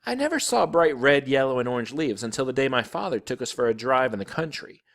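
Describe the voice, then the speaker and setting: A man reading a children's chapter book aloud with expressive, animated narration. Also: medium pitch, fast. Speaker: storybook reader.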